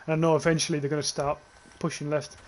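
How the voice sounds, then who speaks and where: A man's voice: a little high, level tone, quick pace. Sweary rambling young man. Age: young adult. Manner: rambling, sweary, laughs often, reads chat aloud. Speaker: streamer. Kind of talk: casual livestream commentary while playing.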